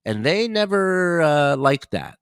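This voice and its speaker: A man's voice: a little high, takes it slowly, smooth, no room sound, clean studio sound. A man telling a long comic story as a podcast guest, swearing freely and laughing as he goes. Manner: animated, profane, laughs while telling stories. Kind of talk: casual storytelling.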